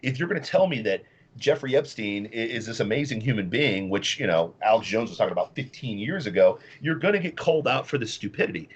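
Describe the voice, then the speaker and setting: A man's voice: lowish voice, very animated, fast talker, slightly rough. A man from the US Midwest, a guest on a talk show, ranting bluntly and combatively about politics. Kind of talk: casual political chat.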